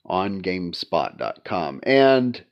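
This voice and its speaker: A man's voice: low voice, very animated, slow pace. A man with a stuffy nose from allergies, hosting sarcastic casual commentary on video games and repeating his points for emphasis. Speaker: commentary channel host. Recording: dull lo-fi sound.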